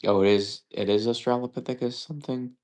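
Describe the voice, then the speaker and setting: A man's voice: medium pitch, fairly even intonation, brisk, darkish tone. A young man hosting a live trivia stream, thinking aloud in casual chat and often stammering and correcting himself.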